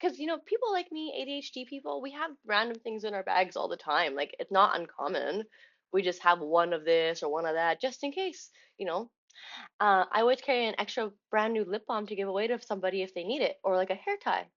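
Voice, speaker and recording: A woman's voice: mid-range voice, brisk, highs cut off. Chatty woman vlogger telling a story. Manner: chatty, animated retelling with quoted dialogue and laughs. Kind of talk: casual storytelling vlog.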